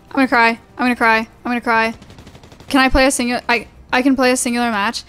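Fast and flat, a young woman with a high-leaning, fairly bright voice streams a shooter game, anxiously chatting to her viewers and repeating herself as she plays. Faint music sits behind her live gaming commentary.

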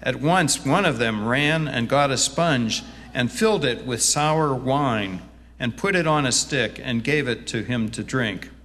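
Male pastor, slow and deliberate, church hall with long reverb. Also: medium pitch, slight background noise. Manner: slow, deliberate reading that turns animated in the sermon. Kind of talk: scripture reading and sermon. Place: church sanctuary.

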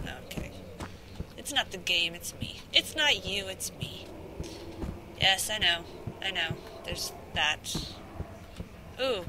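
Woman, let's play commentary, playful, chatty, teases monsters, background noise. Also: mid-range voice. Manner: playful, talks to game monsters and viewers. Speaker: gaming channel host.

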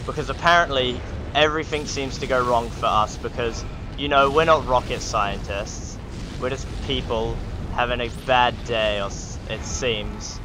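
A man's voice: medium pitch, fairly even intonation, normal speed. Sarcastic man playing a game. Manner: joking, sarcastic running commentary. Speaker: gaming channel host. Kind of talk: let's play commentary. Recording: game sound noise behind the voice.

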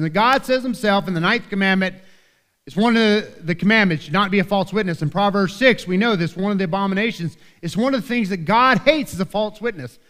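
High-voiced man preaching in a reverberant church. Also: bright, forceful tone. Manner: earnest, conversational preaching with frequent "right?". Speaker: pastor. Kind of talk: sermon. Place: church sanctuary.

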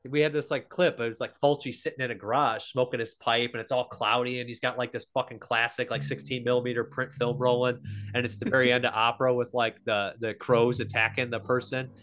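A man's voice: mid-range voice, little pitch movement, a little fast, fairly bright tone. A man hosting a podcast, talking in a rambling, profane, laughing way. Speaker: podcast host. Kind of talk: casual chat.

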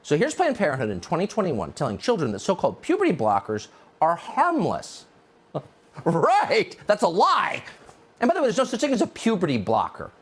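A man's voice: on the high side, wildly swooping pitch, fast talker, slightly rough. A man delivering a sarcastic, indignant opinion monologue as a political commentator, from the United States.

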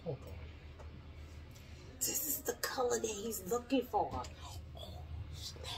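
A woman vlogger chatting casually with viewers while she bakes in her home kitchen, excitable and talking straight to them. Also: a little high, measured pace, vocal fry, poor audio. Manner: chatty, keeps addressing viewers as y'all; excitable, exclaiming. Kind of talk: casual chat while baking.

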